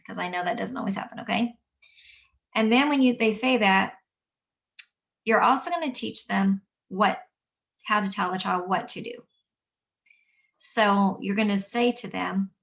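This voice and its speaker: A woman who teaches young children, explaining calmly and gently and acting out what she says to kids. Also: mid-range voice, normal speed, vocal fry, recorded from a distance. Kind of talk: instructional talk. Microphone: camera mic at a distance.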